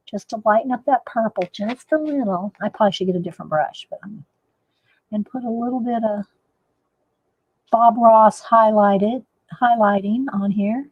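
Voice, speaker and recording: Woman, art teacher, casual live painting chat, slightly high voice. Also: lo-fi sound. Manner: chatty, laughs often, talks to viewers.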